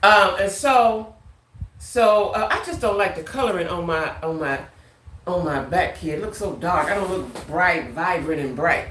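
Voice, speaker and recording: A woman vlogger telling a casual storytime tale, animated, ending her lines with "right?". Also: fairly low pitch, a little slow, reverberant, a little hiss or hum.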